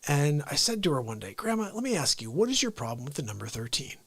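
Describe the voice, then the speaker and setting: A man hosting a live show, telling family stories casually, swinging from loud outbursts to hushed asides. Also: fairly high pitch, sing-song, quick pace, husky, no echo. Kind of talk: casual live-stream storytelling.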